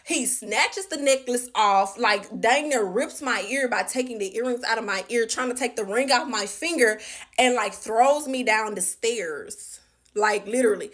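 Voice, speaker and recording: A woman telling a personal story to viewers in a chatty, animated way, full of fillers. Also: on the high side, normal speed.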